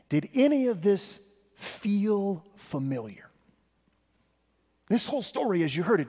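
A male pastor preaches a sermon, speaking straight to his congregation and moving back and forth between quiet passages and emphatic ones. His voice is high-pitched, and the sound carries the feel of a big room.

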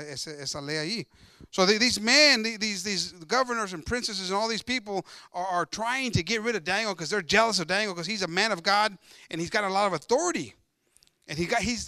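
A man's voice: high-pitched, sharp tone, clear, resonant tone, dry recording, clean studio sound. A man preaching, reading scripture aloud and retelling it in his own words with many repeats and restarts. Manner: switches between English and Spanish. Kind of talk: bilingual sermon, reading scripture and explaining.

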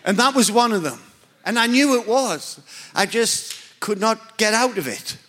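A man's voice: high voice, animated, normal speed, fairly bright tone. A man with a Northern English accent, a preacher telling a story in a sermon with humorous, emphatic, self-mocking delivery.

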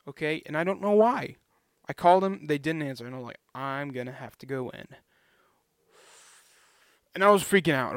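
Rambling young man, smooth dry voice. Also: on the high side, dry recording. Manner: rambling, chatty, self-deprecating. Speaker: vlogger. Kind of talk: casual rambling vlog.

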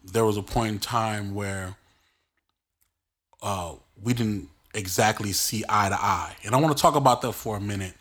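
A man hosting his own podcast, telling personal stories in an animated, expressive way and using casual street slang. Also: on the low side. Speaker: podcast host. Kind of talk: casual solo podcast storytelling.

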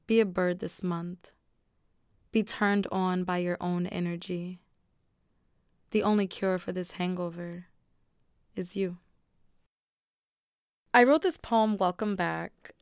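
A woman's voice: on the low side, smooth, dry recording, clean studio sound. A woman poet reading her own poems aloud, with casual, conversational asides between the recited pieces. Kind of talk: poetry reading with spoken commentary.

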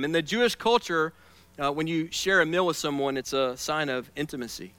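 A man preaching a sermon, telling stories in a playful, animated way and acting out the scenes he describes. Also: on the high side, fairly quick, smooth, no echo. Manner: animated, playful storyteller who acts out scenes. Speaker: pastor.

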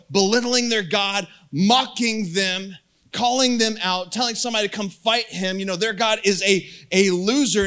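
A man preaching a casual, jokey sermon, telling a story and acting out quotes. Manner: animated, jokey, acts out quotes with rising pitch. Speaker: pastor.

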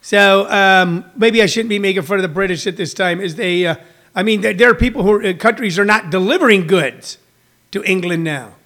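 A man's voice: high-pitched, a little fast, bright, forceful tone. A man, a stand-up comedian, chatting casually on a livestream, riffing and rambling with frequent fillers.

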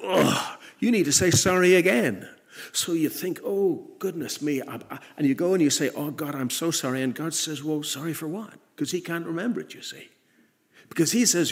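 Husky-voiced man preaching a sermon. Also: medium pitch. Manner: earnest, rising to emphatic peaks then dropping soft.

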